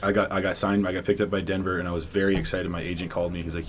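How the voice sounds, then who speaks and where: Guest spot: young man, very low voice, loose rambling delivery full of likes and restarts, light hiss behind. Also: flat delivery, racing. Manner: rambling, many likes and restarts, laughs often. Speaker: podcast guest, former football player. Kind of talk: casual storytelling interview.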